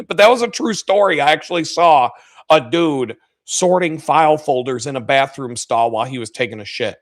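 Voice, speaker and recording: A man's voice: fairly high pitch, moderate pace. A man hosting a live stream, telling crude workplace stories in casual speech full of swearing. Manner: crude, swearing, animated storytelling with laughs. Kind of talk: profane casual storytelling.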